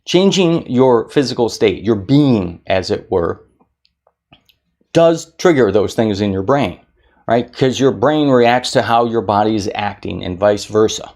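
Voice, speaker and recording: A man who works as a keynote speaker and magician, giving an energetic motivational talk to camera and acting out moods in little put-on voices. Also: on the low side, unhurried.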